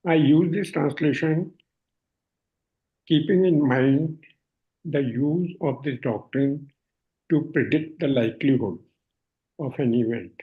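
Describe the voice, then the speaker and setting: Older indian guy giving a slow careful talk, lots of "you know", sounds like a tinny call line. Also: fairly high pitch. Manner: measured, explanatory, with many fillers. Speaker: lecturer. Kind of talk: online lecture presentation. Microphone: video call. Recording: phone-like narrow band audio.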